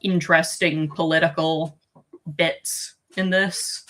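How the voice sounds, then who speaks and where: A British co-host chatting casually on a stream, making unhurried quips and laughing between them. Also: medium pitch, flat delivery, pushed and bright.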